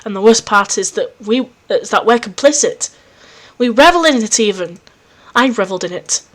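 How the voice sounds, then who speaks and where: A woman voicing an intense, scheming alien girl who talks about justice and vengeance in a low, measured way. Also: expressive, natural voice. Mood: brooding.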